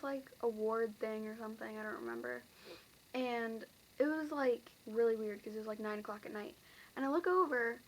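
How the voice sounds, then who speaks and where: A woman's voice: on the high side, slight background noise, poor audio. Rambling teenage girl telling a dream. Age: teens. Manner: rambling, filler-heavy, breathless retelling. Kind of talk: casual storytelling to camera.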